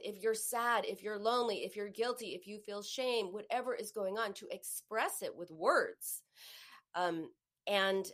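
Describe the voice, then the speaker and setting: A middle-aged woman coaching on emotions in a live teaching talk, acting out sighs and inner voices as she explains. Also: medium pitch.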